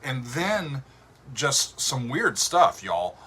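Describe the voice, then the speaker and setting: A man hosting a livestream, chatting casually with viewers in a relaxed, rambling way with lots of fillers and a drawl. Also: mid-range voice, extremely slow, breathy edge. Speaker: show host.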